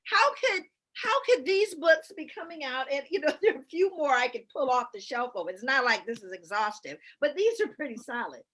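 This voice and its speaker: With a high voice and a brisk delivery that leaves hardly any pauses, this middle-aged woman speaker and educator tells stories and laughs frequently. She also reads passages from books aloud with emphasis, all in an animated, conversational manner.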